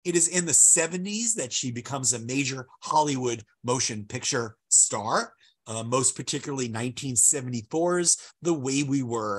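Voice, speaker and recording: A man's voice: mid-range voice, husky. A man giving an illustrated lecture over slides, talking in a discursive, emphatic way and stressing key words.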